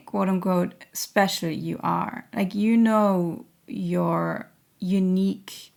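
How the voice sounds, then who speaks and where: A woman doing an intuitive spiritual reading, speaking slowly and gently. Her voice carries a noticeable gravelly fry. She searches for words, pausing often with little fillers. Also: on the low side, steady tone. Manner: hesitant, searching, many fillers. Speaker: intuitive reader.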